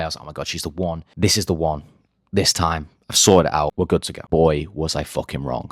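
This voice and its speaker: A man's voice: deep voice, dry recording, studio quality. A young man speaking as a dating coach, telling his own story straight to the camera in a blunt way, swearing freely. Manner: blunt, swears freely, addresses viewers directly. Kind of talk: candid talking-head monologue.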